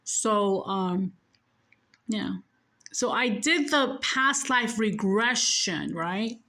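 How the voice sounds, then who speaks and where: A woman's voice: medium pitch, expressive, very slow, sharp tone, low-quality recording. A woman telling a personal story in a casual, rambling way, correcting herself often and swearing freely.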